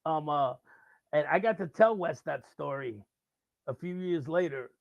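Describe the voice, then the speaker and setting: Gravelly, animated male radio host. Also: a little high, unhurried, no room sound, lo-fi sound. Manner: animated, acts out quoted voices loudly. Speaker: radio host telling a story. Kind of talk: casual live-stream storytelling.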